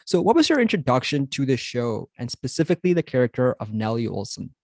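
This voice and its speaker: A man's voice: medium pitch, big pitch swings, fast talker, creaky, a little mellow, no echo, studio quality. A man hosting a podcast interview, reading earnest prepared introductions and questions. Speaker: podcast host.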